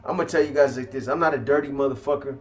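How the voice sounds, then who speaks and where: A man's voice: medium pitch, fairly even intonation, rapid-fire. Blunt, profane man telling a story. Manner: blunt, heavy swearing, street slang. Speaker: former prisoner telling his story. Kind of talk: casual storytelling to viewers.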